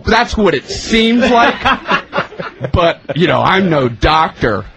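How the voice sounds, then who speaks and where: Animated man telling a comic story. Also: slow, vocal fry, a little hiss or hum, poor audio. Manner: animated, jumps into loud high-pitched put-on voices. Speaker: comedian guest. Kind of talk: storytelling comedy bit.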